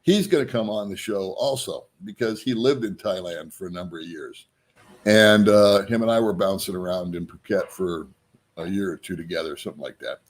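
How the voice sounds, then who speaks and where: A man's voice: low-pitched, moderate pace. A man hosting his own vlog, chatting casually and loosely, with frequent ums and chuckles. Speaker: vlog host. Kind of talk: casual rambling vlog chat.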